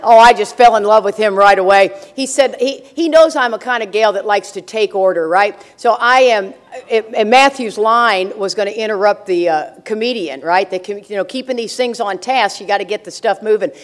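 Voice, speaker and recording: Speaking in a mid-range voice at an ordinary pace, an older woman entertains a recovery meeting crowd. Her storytelling is brash and jokey, and she laughs a lot.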